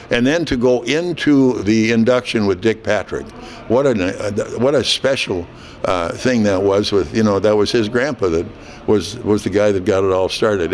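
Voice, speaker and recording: A man in his eighties, a veteran hockey broadcaster, telling a lively story in an interview. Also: lowish voice. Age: 80s. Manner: animated anecdote teller, quoting others.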